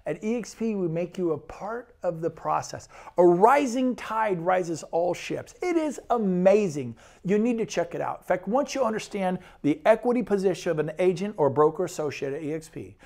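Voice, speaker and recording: A man's voice: high-pitched, a little mellow. A man giving an enthusiastic sales presentation about real estate, talking conversationally and acting out quotes.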